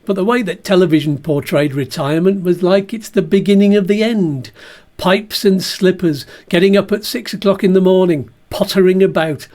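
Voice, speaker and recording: A man's voice: high-pitched, moderate pace, a little mellow. A sixty-year-old man, recording a chatty, self-mocking personal podcast. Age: 60s. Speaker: video diarist. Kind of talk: comic personal podcast monologue.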